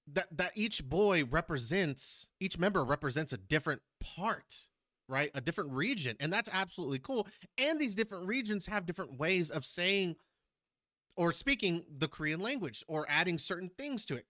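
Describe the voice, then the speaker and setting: Bright, chatty man. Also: high voice, no room sound, studio quality. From Texas. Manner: chatty, rambling, searches for words. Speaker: YouTube reaction host. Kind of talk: casual reaction commentary.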